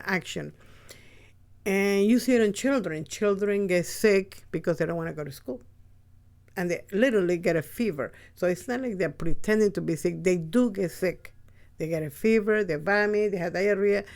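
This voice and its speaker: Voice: medium pitch, a little mellow. A podcast host speaking in a casual, rambling monologue, blunt and often profane, with frequent restarts. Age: adult with a child.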